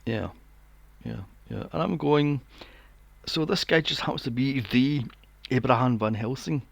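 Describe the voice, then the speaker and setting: Sweary man with a gravelly voice. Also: mid-range voice, measured pace, dry recording. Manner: ranting, sweary, sarcastic. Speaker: podcast co-host. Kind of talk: casual movie review chat.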